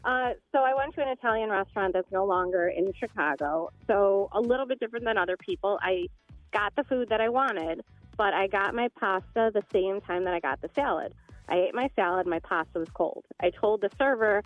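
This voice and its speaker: A woman's voice: medium pitch, a little fast, no echo, soft background music. Woman telling a story over a dull call line. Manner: chatty, animated storyteller. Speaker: caller.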